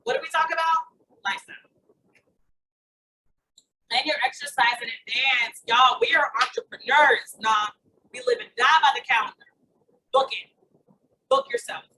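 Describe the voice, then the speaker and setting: A woman in her thirties coaching with punchy emphasis, her voice high and swinging widely in pitch. She sits a little back from the mic, with clear background noise behind her. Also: expressive, normal speed, long pauses, pushed and bright, recorded from a distance, poor audio. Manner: emphatic, repeats mantras, says y'all. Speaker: wellness coach. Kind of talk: coaching talk.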